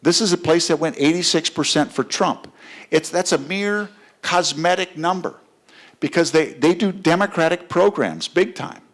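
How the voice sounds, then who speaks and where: A political candidate speaks at a fundraiser gathering, giving his campaign speech conversationally and telling stories with frequent fillers. His voice sits on the high side, a bit bright, at normal speed.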